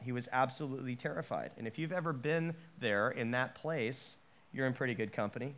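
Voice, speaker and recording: A man preaching a sermon, animated, with stammered restarts and acted-out quotes. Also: medium pitch, fairly quick. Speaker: pastor.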